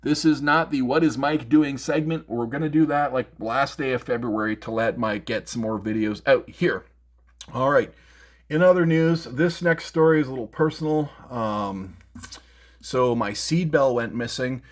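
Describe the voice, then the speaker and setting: A middle-aged man hosts a music gear news show from his home music room. He chats casually and rambles, tells jokes, and restarts his sentences often with lots of fillers. His voice sits at an ordinary middle pitch. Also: moderate pace. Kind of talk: casual chat.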